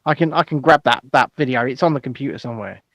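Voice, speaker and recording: A man's voice: mid-range voice, fast, dry recording. A man co-hosting a casual podcast, joking and teasing his partner. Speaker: podcast co-host. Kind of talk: casual chat.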